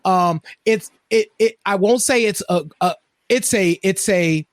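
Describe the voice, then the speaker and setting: A man's voice: high-pitched, a little slow, no echo. Man, podcast co-host, chatty, rambling, dry close sound. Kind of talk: casual chat.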